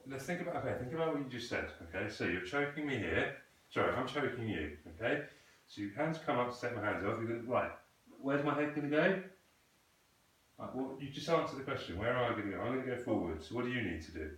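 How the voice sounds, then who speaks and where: Heard from afar in an echoey training hall, a man coaches a krav maga student in class, patiently fixing technique and asking questions. He speaks fast and animatedly in a mid-range, fairly bright voice.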